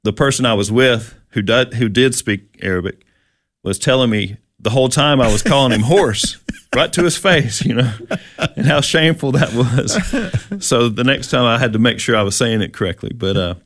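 A man's voice: mid-range voice, lively intonation, normal speed, fairly bright tone, no echo, studio quality. A man co-hosting a Bible discussion, walking through verses one by one and putting questions to his partner in a casual teaching style. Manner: explains verse by verse and poses questions. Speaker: Bible study co-host.

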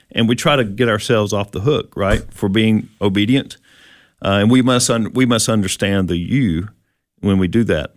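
A man's voice: fairly low pitch, normal speed, no echo, clean studio sound. A man leading a conversational Bible teaching, explaining step by step and asking his listener questions.

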